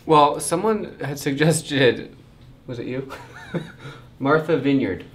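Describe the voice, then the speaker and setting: A man's voice: fairly high pitch, lively intonation, slow pace, roomy sound. A man hosting, asking a drag queen questions in a chatty, curious way. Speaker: host. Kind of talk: casual interview chat.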